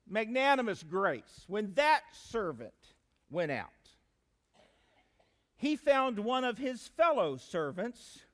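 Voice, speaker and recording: A man preaching a sermon in a fairly high voice that swings widely in pitch. He leans into emphatic rises and sudden drops, speaking straight to the congregation. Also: a bit bright. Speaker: pastor.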